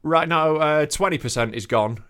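A man co-hosting a podcast, trading teasing, sweary banter. He argues his points in a relaxed, conversational way. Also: fairly high pitch, moderate pace. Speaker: podcast co-host. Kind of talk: casual banter.

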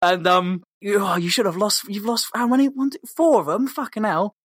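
A man's voice: medium pitch, fairly quick, a bit bright, no echo, studio quality, natural voice. A man voicing Gandalf as a cocky old showman wizard who talks in a blokey, sweary way. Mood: exasperated.

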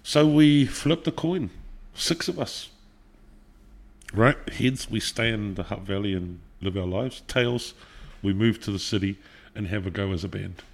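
A man's voice: fairly low pitch, a little slow, creaky. A middle-aged man with a New Zealand accent, a guest telling stories in a casual interview, swearing freely and laughing often. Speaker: podcast guest, musician.

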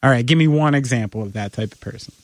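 A man co-hosting a podcast in casual chat, animated and playfully persuasive, talking in long run-on pitches. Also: fast talker, dry recording, clean studio sound. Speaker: podcast co-host.

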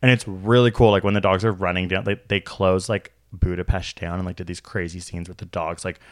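Tired guy, lowish voice, chatting fast and animated in bursts. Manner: animated storytelling with quick bursts. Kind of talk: casual chat.

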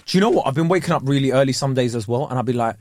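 A man co-hosting a podcast in casual chat, ranting animatedly with drawn-out exclamations. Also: mid-range voice, lively intonation, a little mellow, no room sound. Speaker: podcast co-host.

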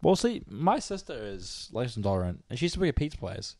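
Brief: young male co-host, animated sweary storyteller, dry close mic. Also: mid-range voice, fast, vocal fry, dry recording. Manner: swears freely, retells stories with mimicked voices. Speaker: podcast co-host. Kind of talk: casual crude banter.

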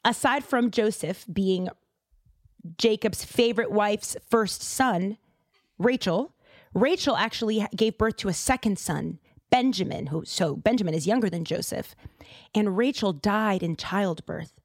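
A woman from Boston hosting a casual podcast, chatty and animated, full of fillers and quick asides. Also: mid-range voice, dry recording, studio quality. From Boston, USA. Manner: chatty and animated, with lots of fillers and side remarks. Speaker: podcast host.

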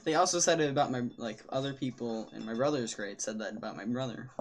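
A man's voice: medium pitch, fast talker. A young man co-hosting a podcast in casual chat, teasing the others and laughing often. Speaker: podcast co-host. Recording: noisy home mic.

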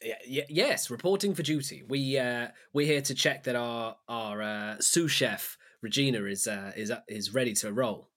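A man's voice: medium pitch, moderate pace, hardly any pauses, a bit bright. A man playing a tabletop game in character, stammering and jokey. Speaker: player.

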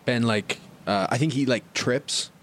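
A man playing a tabletop game, describing his character in halting, stammering bursts. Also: mid-range voice, a bit bright, a little hiss or hum. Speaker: player. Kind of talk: tabletop role-play.

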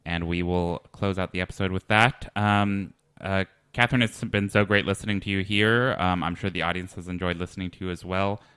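A man hosting a comedy podcast, interviewing a guest in a halting, awkward way with many restarts. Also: low voice, steady tone, a bit bright, clean tone, no room sound, studio quality. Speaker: podcast host.

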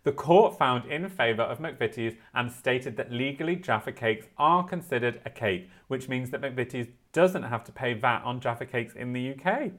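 A man's voice: medium pitch, expressive, moderate pace, few pauses, a bit bright. Young guy cohosting a podcast, reads out news bits and cracks dry little jokes, easygoing. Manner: wry asides, chatty and playful. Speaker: podcast co-host. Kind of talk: casual chat and reading news aloud.

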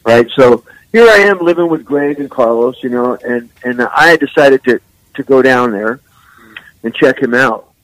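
An older man from San Francisco, a musician guest, telling rambling, animated stories full of "man" and "you know.". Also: medium pitch, moderate pace, no echo, poor audio. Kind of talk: casual storytelling interview.

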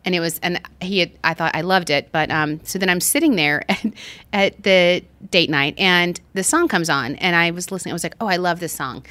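Chatty woman storyteller, low dry voice. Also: fairly quick, pushed and bright, no echo. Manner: chatty storyteller, bursts into sung lines. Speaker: podcast co-host. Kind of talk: casual chat.

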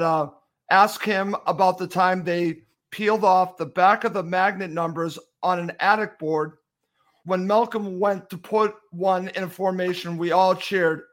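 High-voiced friendly male podcast host. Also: fairly bright tone. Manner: friendly, reads out listener questions. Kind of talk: interview questions.

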